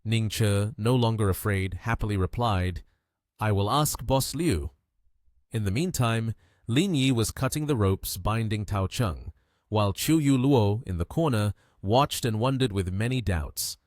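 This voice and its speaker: A man narrating a story recap with steady, expressive storytelling. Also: on the low side, moderate pace, dry recording, studio quality.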